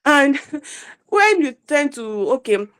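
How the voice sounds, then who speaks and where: A woman's voice: a little high, a little slow, rough recording. A mother asking a workshop question, telling a long story about her children with frequent restarts. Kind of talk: casual question on a call.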